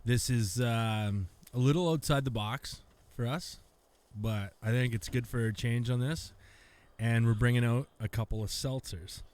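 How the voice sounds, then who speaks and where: A laid-back man chats on a beer-tasting podcast, swearing and laughing easily. His voice sits at an ordinary middle pitch. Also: measured pace, a little mellow. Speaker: podcast co-host. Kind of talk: casual chat.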